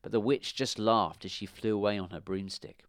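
A man reading a children's storybook aloud with expressive delivery. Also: fairly low pitch, moderate pace, smooth, dry recording, clean studio sound.

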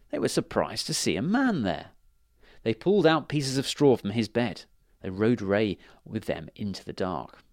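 A man reading fairy tales aloud to children in a lively, expressive way. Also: medium pitch, dry recording, studio quality. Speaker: storyteller.

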